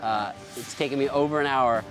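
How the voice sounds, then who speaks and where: A man's voice: mid-range voice, brisk. Easygoing, self-mocking man. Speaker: show team member. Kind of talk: casual on-location chat. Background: background music.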